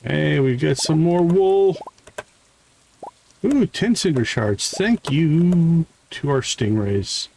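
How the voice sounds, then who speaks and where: His voice is fairly high, slow and creaky, coming through poor audio with a little hiss or hum. The Midwestern American streamer chats easily with his audience while playing a farming game live.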